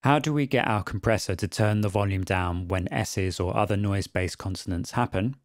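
A man narrating an audio production tutorial in a calm, methodical way. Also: on the low side, moderate pace, no echo, studio quality. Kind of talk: screen-recorded tutorial narration.

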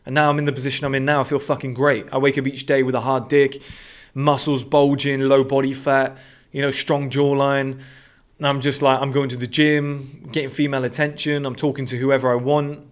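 A man's voice: mid-range voice, flat delivery, fairly quick. A man giving a blunt, profane, emphatic monologue as host. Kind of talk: opinionated monologue.

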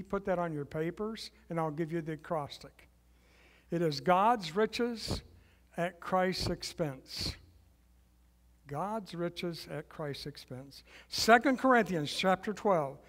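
A man preaching a sermon as guest pastor, leading the congregation in call and response with slow, emphatic repetition. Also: sits high, big-room sound. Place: church sanctuary.

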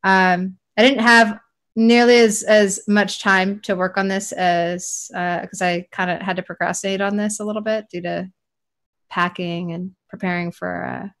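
A woman's voice: mid-range voice, a bit bright. Woman, casual chat, rambling, lots of ums and restarts. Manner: rambling, many fillers and restarts. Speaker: e-liquid mixing podcast co-host.

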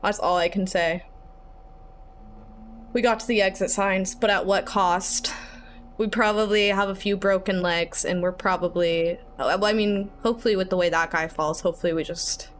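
A woman's voice: on the low side, steady tone, moderate pace, a little hiss or hum. Nervous chatty woman playing a horror game. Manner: chatty, nervous rambling, panicky repeats and squeals. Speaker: gaming channel host.

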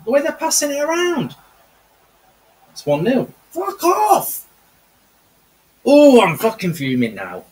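An English man giving raging commentary on a football video game, swearing constantly and shouting in frustration. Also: sits high. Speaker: gaming streamer.

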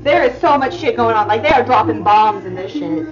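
Young woman, high voice, excitable and foul-mouthed reactor; muffled audio, loud music underneath. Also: fairly quick. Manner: excitable, profane, gasping and exclaiming. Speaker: video reactor. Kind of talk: reaction commentary. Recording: slightly muffled audio with music playing behind. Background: music video playing.

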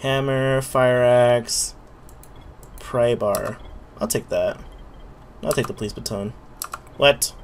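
Slow-talking man streaming a game. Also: mid-range voice, steady tone, a little hiss or hum. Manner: muttering, chatty, swears when surprised. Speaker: streamer playing a video game. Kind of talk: casual gameplay commentary.

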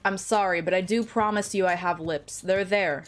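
On a casual gaming stream, a woman talks into a close desk microphone at home, her lowish voice fairly even in intonation and moderate in pace. She rambles jokingly and self-deprecatingly, with slight background noise.

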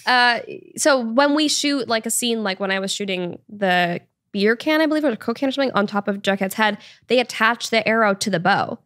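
A woman's voice: on the high side, animated, fairly quick, few pauses, a bit bright, dry recording, studio quality. A woman in her twenties, a guest on a podcast, chatting casually and rambling with lots of fillers. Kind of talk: casual chat.

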